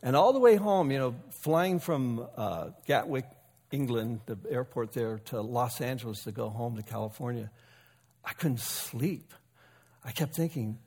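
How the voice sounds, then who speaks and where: A man's voice: mid-range voice, expressive, measured pace, darkish tone, breathy edge. A male pastor in his fifties or older tells a story from the pulpit, easygoing and self-deprecating. His mid-range voice rings out with a long reverb from a church sanctuary. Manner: conversational, self-deprecating with chuckles. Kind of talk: sermon storytelling.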